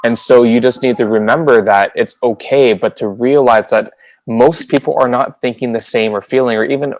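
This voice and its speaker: A man's voice: mid-range voice, steady tone, moderate pace, dry recording, rough recording. A man co-hosting a podcast in casual chat, earnest and reflective with playful teasing. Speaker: podcast co-host.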